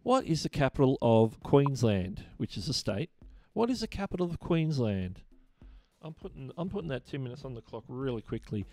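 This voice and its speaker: A man's voice: medium pitch, big pitch swings, moderate pace, mellow, no room sound. A man with an Australian accent hosting a casual live-stream trivia show, chatting and reading viewer messages aloud. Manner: chatty, reads chat messages aloud, chuckles often. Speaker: livestream host.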